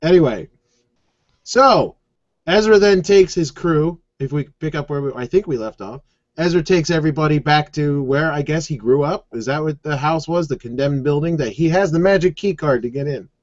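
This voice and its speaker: A man co-hosting a casual review chat, animated and chatty, heard over a muffled online call. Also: a little high, moderate pace, dry recording. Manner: animated, chatty, leans on "like" and "kind of". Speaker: show co-host.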